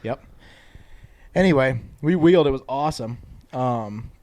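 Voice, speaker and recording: Animated storytelling man, dry close sound. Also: medium pitch, measured pace, dry recording. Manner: animated storyteller, acts out quotes. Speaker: podcast co-host. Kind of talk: casual chat.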